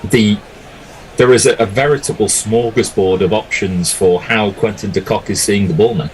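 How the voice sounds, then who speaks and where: A man's voice: on the low side, normal speed, a little mellow, slight background noise, rough recording. A man co-hosting a cricket commentary, reading out listener messages with joking, rambling asides. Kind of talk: casual chat on commentary.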